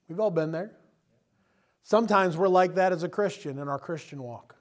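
A man's voice: sits high, measured pace, pauses often. A man preaching a sermon in a casual, conversational way, often chuckling and acting out the people he quotes. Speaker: pastor.

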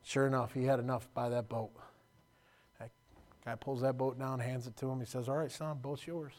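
A man preaching a sermon, telling stories with emotion and moving from loud passages to quiet, hushed ones. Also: medium pitch, little pitch movement, a little fast.

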